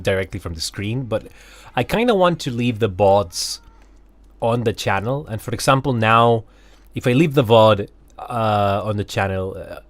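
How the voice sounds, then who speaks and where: A man with a lowish voice streams a game, chatting casually with viewers, thinking out loud, and rambling with plenty of fillers. The recording is dry.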